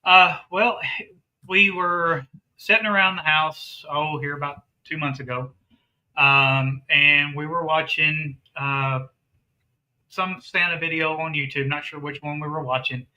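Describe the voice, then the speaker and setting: A man speaks as the guest on a casual chat show. His voice is very bright and a little higher than usual, and he tells his stories in an easygoing way with plenty of ums. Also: fairly even intonation, a little slow, dull audio. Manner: easygoing storyteller with fillers.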